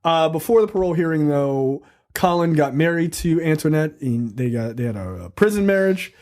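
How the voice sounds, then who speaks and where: A man's voice: a little high, animated, a little fast, darkish tone. A man co-hosting a film review podcast in casual, profane, joking chat, acting out quotes.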